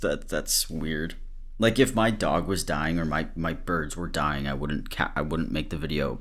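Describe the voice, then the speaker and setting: A man's voice: extremely low pitch, measured pace, a bit bright. A man hosting a podcast, reacting candidly to a clip with laughter and blunt swearing. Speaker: podcast host. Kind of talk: casual commentary.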